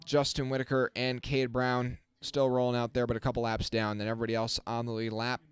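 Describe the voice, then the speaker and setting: A man giving casual live-stream race commentary as the channel host, chatting with his viewers and getting excited on the restarts. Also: medium pitch, fairly quick, clean tone. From not from the South. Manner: self-correcting, talks to the chat.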